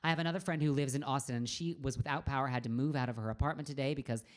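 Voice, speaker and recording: A woman's voice: rumbling low, very fast. A middle-aged woman, a singer hosting her own live stream, chatting in a bubbly, campy way and greeting viewers by name from a room at home. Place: home room with a green screen.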